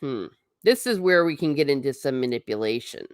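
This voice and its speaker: A woman's voice: rumbling low, expressive, fairly quick, smooth, dry recording, clean studio sound. A woman hosting a casual livestream, chatting in a rambling way, reading viewer comments aloud and laughing often. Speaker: livestream host reading chat.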